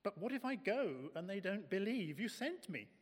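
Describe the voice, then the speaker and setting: A man's voice: high voice, very animated, normal speed. A man reading aloud, voicing a shy, anxious old shepherd in a nervous, pleading way. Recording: echoey hall.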